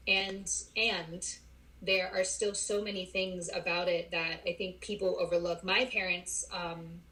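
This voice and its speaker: Animated woman telling stories. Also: on the low side, unhurried, low-quality recording. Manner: animated storyteller, laughs often, quotes her parents. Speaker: clinical psychologist guest. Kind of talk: casual podcast conversation. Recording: audio-only podcast.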